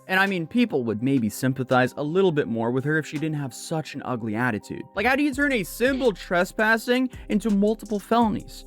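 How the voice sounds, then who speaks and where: A man narrating a recap video in a wry storytelling manner. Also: fairly high pitch. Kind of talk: recap narration over music.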